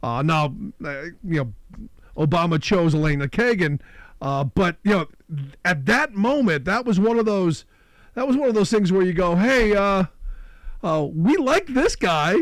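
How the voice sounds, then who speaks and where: A man's voice: high voice, animated, moderate pace, no echo. A man hosting a call-in radio talk show, talking in a loose, opinionated, conversational way.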